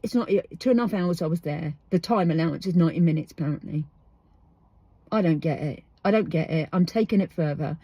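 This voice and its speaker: A woman's voice: lowish voice, brisk, dark tone, no echo. A woman hosting a podcast, ranting about a parking ticket, swearing freely and firing off rhetorical questions, recorded inside a parked van. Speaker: podcast host. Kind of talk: casual ranting monologue.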